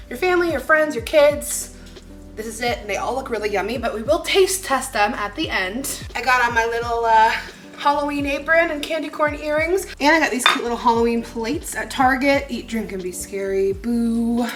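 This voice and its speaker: A woman's voice: fairly high pitch, a bit bright. A young woman in her twenties chatting casually through a home cooking vlog, bubbly, giggly and poking fun at herself. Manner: bubbly, giggly and self-mocking. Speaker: lifestyle vlogger. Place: home kitchen. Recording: echoey kitchen with music underneath.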